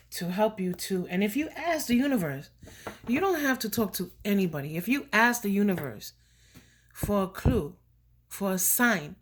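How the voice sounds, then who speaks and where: A woman doing a casual, emotional tarot reading for her viewers, chatty and slipping in Spanish words. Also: medium pitch. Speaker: tarot reader.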